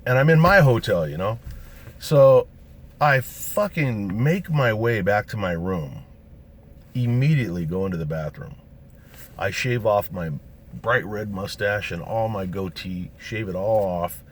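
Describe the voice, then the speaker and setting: A low-voiced man recounts his own misadventure in a loose, casual way. He swears in nearly every line and animates the story by voicing the people around him. A faint hiss of noise sits under the recording. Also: unhurried. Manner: profane, swears constantly; animated, acts out quotes of other people.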